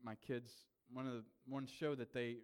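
A man, a pastor, giving a conversational sermon with lively storytelling and frequent asides to the congregation. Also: medium pitch, moderate pace, clear, resonant tone.

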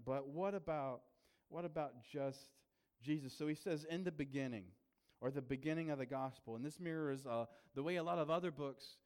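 Smooth-voiced man preaching casually. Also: medium pitch. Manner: animated storytelling with asides to the congregation. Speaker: pastor. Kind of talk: conversational sermon.

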